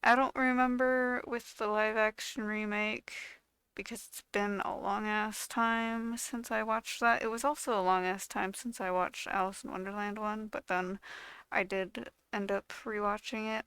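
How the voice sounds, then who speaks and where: A woman's voice: a little high, vocal fry, fairly bright tone, clean tone, dry recording. A young woman YouTuber chatting casually to her viewers, rambling with lots of fillers and trailing off. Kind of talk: casual chat to camera.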